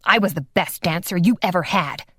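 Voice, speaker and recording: A woman's voice: fairly low pitch, fairly quick, pushed and bright, husky, no room sound, clean studio sound. A woman narrator voicing a petulant, vain young male dancer with a whiny, squealing delivery.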